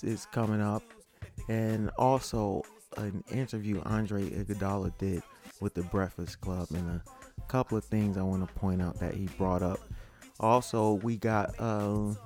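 A man's voice: on the low side, a little mellow. Rambling casual man hosting a podcast. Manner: loose and rambling, many fillers and restarts. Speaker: podcast host.

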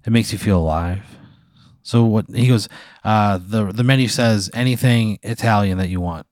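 Casual storytelling again from the podcast host: a rambling, drawn-out hypothetical heavy on "like" and easy swearing. His lowish, slightly mellow voice moves at normal speed, captured in clean studio sound with no room.

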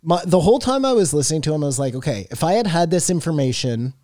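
A man's voice: on the high side, animated, fast talker, a little mellow, no echo. Rambling podcast man, dry close sound. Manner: rambling, swears casually. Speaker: podcast co-host. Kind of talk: casual chat.

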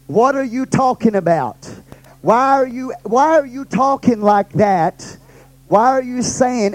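A male pastor with a notably high voice teaching a Bible study. He presses each point through repetition and rhetorical questions to his listeners. He sounds middle-aged. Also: normal speed, darkish tone, dry recording, poor audio.

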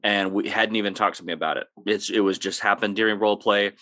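Man with a bright, low voice. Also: fast, dry recording, clean studio sound. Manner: relaxed, rambling with many fillers. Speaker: game master. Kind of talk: casual podcast chat giving advice.

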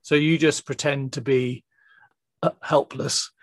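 An interview host with a gravelly, creaky voice, recorded dry and close with no room sound. He is eager and halting, starting sentences over and over as he responds. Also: medium pitch, fairly even intonation, no room sound. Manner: enthusiastic, halting, many restarts. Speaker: podcast host. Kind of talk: casual interview.

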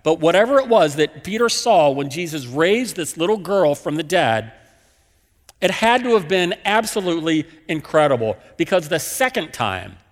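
Male pastor preaching, kinda high voice, really lively ups and downs, lots of hall echo. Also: normal speed. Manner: animated, emphatic storytelling with repeated phrases. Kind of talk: sermon.

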